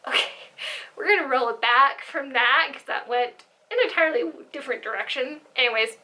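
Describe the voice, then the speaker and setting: A woman's voice: high-pitched, moderate pace, bright, forceful tone, low-quality recording. A young woman telling a rambling, giggly storytime vlog with side tangents. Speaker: vlogger.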